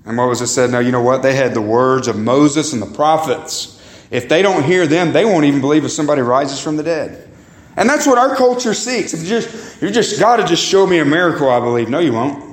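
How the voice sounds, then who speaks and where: A pastor delivers a sermon a little fast in the roomy acoustics of a church sanctuary. Emphatic and repeating his words, his pitch rises and falls as he addresses the congregation as "guys" and "beloved".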